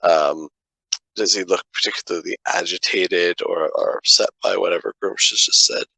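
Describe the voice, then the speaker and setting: A man taking part in a tabletop game, half in character, pausing and restarting as he hunts for words. His voice sits low with a gravelly fry, recorded close and dry. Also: steady tone, pushed and bright, dry recording, rough recording. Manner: halting, many fillers and restarts. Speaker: player. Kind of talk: tabletop role-play, speaking in character.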